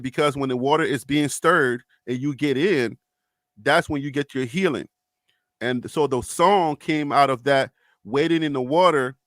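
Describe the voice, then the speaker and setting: A man's voice: on the high side, fairly bright tone, no room sound, clean studio sound. A man hosting a livestream panel, talking emotionally and passionately, often repeating himself in a preacher-like cadence. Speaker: livestream host.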